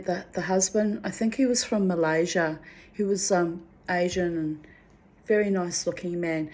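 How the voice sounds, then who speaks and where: A middle-aged woman with a fairly low, slightly mellow voice reflects aloud on personal memories. She rambles candidly, talks frankly, swears freely, and often restarts her sentences.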